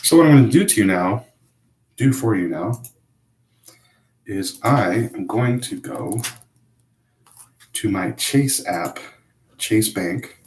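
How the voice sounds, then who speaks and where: A man talking to camera in a hesitant, self-critical confessional monologue, full of pauses and restarts. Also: on the low side, darkish tone, echoey room, poor audio. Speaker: vlogger.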